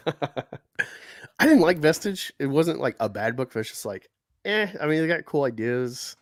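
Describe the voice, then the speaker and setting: A man's voice: a little high, very animated, measured pace, no room sound, studio quality. A man hosting a casual live stream, talking in a rambling way with many fillers and restarts. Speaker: streamer host.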